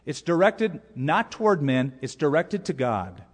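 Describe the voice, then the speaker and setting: Man, pastor, emphatic sermon, fairly high voice, long hall reverb. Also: big pitch swings, unhurried, breathy edge. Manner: emphatic, repeats key phrases.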